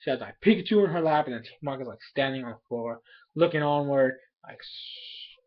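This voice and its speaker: A young man casually recapping an anime episode in a rambling, animated way, full of fillers and quick asides. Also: medium pitch, dull audio. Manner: rambling, animated, filler-heavy, laughs often.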